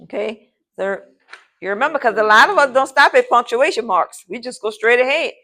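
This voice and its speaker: Slightly high-voiced woman teaching a class. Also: lively intonation, a little fast, sharp tone. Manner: repetitive, checking in with "okay?" and "all right?"; informal, addresses the class as "y'all". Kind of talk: classroom lesson.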